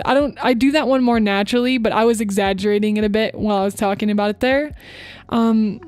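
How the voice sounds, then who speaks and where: Chatty young woman streamer, higher voice. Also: a little mellow. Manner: fast, chatty, bubbly, talks to chat. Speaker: VTuber streamer. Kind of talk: live stream chat and voice tips. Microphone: close desk microphone.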